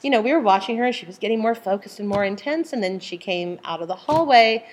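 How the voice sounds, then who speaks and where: A middle-aged woman leading a casual group Bible study, animated, full of restarts and acting out voices. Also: fast talker, slight background noise. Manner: animated, acts out voices with sudden high outbursts.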